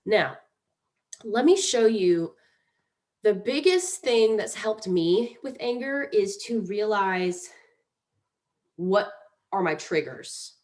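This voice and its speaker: A woman teaching calming breathing exercises in a chatty, playful way, demonstrating each one aloud. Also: mid-range voice, takes it slowly, long pauses. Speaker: mindfulness instructor. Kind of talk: casual instructional talk.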